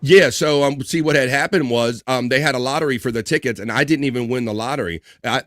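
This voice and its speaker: A man's voice: medium pitch, no room sound, studio quality. A man hosting a live stream, casually reading out chat messages with loose slang and frequent laughter. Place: home streaming setup.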